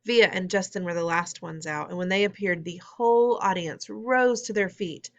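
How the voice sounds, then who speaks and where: A woman's voice: on the low side, moderate pace, lo-fi sound. A woman narrating a storybook in the first person, plain and conversational. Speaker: audiobook reader.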